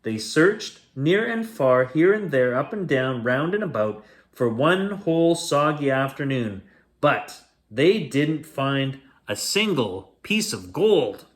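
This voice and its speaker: A man's voice: medium pitch, big pitch swings, slow pace. A Canadian man hosting a bedtime story reading, chatty with playful asides. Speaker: storyteller host.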